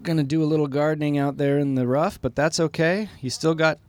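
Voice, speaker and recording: A man's voice: fairly high pitch, fairly even intonation, brisk, no echo. A man joking his way through a live comedic golf commentary outdoors at a golf course. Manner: jokey, breaks into singing.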